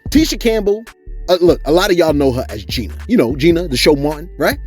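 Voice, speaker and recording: A man's voice: fairly high pitch, fast, breathy edge, faint music behind. A man hosting celebrity gossip commentary, slangy and chatty, often checking in with his viewers. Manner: animated, slangy, repeats "you see what I'm saying". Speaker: host of celebrity gossip channel.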